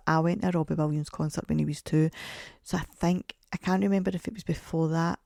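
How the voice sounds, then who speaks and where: Woman in her forties, podcast host, low gravelly voice, dry close sound, chatty rambling storyteller. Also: steady tone, quick pace, dark tone, no echo. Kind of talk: casual podcast monologue.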